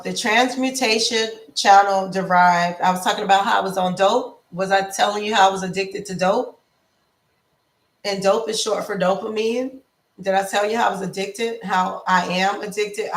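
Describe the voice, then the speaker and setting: A woman life coach giving a casual motivational talk, slow and repetitive in an affirming way. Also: mid-range voice, steady tone, fairly bright tone, reverberant, recorded from a distance. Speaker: lifestyle coach.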